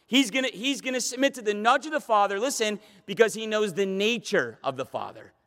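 A man delivers an impassioned sermon, pleading and repeating words as he drives each point home. His voice sits high for a man. The sound carries a long reverb, as in a large hall. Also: lively intonation, brisk, fairly bright tone. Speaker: pastor.

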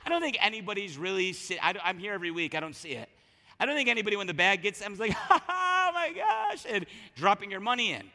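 Bright-voiced man preaching in a hall. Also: high voice, rapid-fire. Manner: conversational and animated, with repeated restarts. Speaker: pastor. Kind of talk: sermon.

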